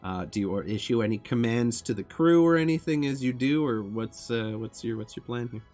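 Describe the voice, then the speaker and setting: A man's voice: medium pitch, fairly quick, darkish tone, faint music behind. A man narrating a tabletop game as game master, describing scenes with filler restarts.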